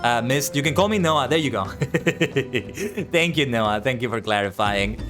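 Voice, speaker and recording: A male streamer talks casually with his chat, reading messages aloud and answering them as they come in. His pitch sits in the middle but swings widely and animatedly. Music plays clearly behind him. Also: expressive, unhurried. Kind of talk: casual chat with live viewers.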